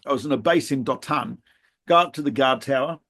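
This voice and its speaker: A middle-aged man, a rabbi co-hosting a podcast, telling animated anecdotes with laughs and restarts in casual chat. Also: mid-range voice, a little fast.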